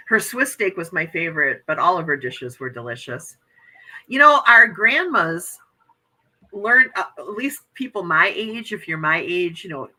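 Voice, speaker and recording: Very bright-voiced effusive woman in her fifties. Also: fairly low pitch, low-quality recording. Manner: effusive, gushing exclamations. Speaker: livestream host. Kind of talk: casual morning chat reading viewer comments.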